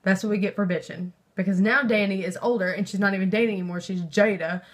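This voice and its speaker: Excitable, rambling young woman book vlogger. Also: mid-range voice, quick pace. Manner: rambling and excitable, with lots of fillers and swearing. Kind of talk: casual book review chat.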